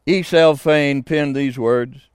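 An older man preaching a sermon, slow and emphatic with dramatic pauses. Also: medium pitch, fairly even intonation, clear, resonant tone, no echo, clean studio sound.

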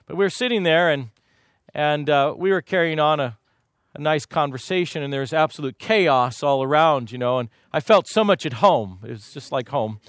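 A man from Kansas, USA, preaches a sermon built on folksy, humorous, lively anecdotes from his own life. His voice is on the high side at normal speed, in studio quality with no echo.

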